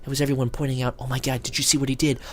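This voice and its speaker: A man talking casually to his camera, rambling and excited as he acts out what his friends said. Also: medium pitch, rapid-fire, a little hiss or hum. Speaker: video blogger.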